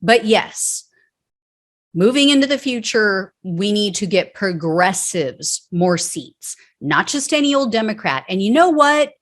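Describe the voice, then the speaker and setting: A woman's voice: medium pitch, animated, slow. A woman delivers an angry solo political commentary rant. She is blunt and swears freely, and her voice sits in a middle register. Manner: mocking impressions of politicians.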